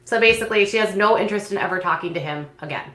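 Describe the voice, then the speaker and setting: A woman giving casual, snarky commentary on a reality show, mocking the cast with quick impressions. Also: medium pitch, fairly bright tone, echoey room. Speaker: commentary host.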